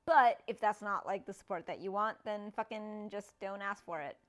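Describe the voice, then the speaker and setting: A woman's voice: medium pitch, moderate pace. A woman streamer chatting with her viewers, rambling and playful, with casual swearing. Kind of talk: live stream chat with viewers.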